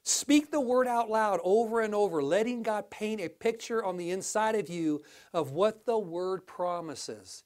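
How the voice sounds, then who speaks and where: A man preaching a sermon in a church, animated, with sudden rises to exclamations, drops to low asides, and frequent restarts. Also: unhurried, hardly any pauses. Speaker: pastor.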